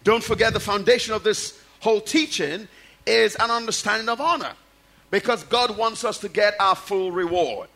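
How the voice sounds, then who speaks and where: A man's voice: high-pitched, moderate pace, bright, forceful tone. A man preaching a sermon, reading scripture and telling stories, asking the congregation rhetorical questions.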